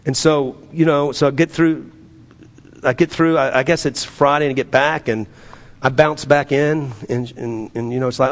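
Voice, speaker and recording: A pastor delivering a sermon in a church, his voice sitting a little higher than most men's. He preaches in a conversational, earnest way, circling back over phrases and sinking to a hushed tone to drive a point home. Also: fairly even intonation, moderate pace, creaky, big-room sound. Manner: conversational preaching, repeats and restarts phrases, drops to quiet emphasis.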